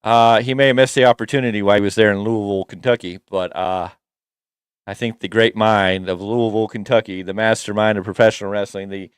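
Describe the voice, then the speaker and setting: A man with a low, smooth, resonant voice co-hosts a wrestling show in a relaxed, rambling way. He drifts between opinions and teasing asides. The sound is dry and close, with no room around him. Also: brisk, no echo. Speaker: wrestling podcast co-host. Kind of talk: casual opinionated chat.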